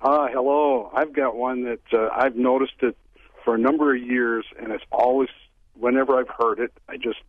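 A man calling in to a radio show, halting and rambling as he asks his question. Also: medium pitch, fairly even intonation, no echo. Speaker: caller. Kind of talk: call-in question. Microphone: telephone. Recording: phone line.

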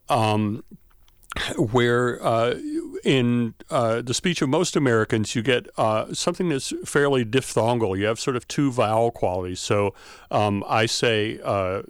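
Male academic guest, halting explanatory delivery, dry close sound. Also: medium pitch, no room sound. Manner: explanatory, many filler "uh"s. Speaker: linguistics professor, studio guest. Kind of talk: expert explaining on radio.

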